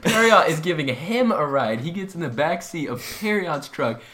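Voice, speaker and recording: Animated young man laughing through stories. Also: fairly high pitch, moderate pace. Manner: laughs while talking, animated storytelling, swears a lot. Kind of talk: casual chat among friends.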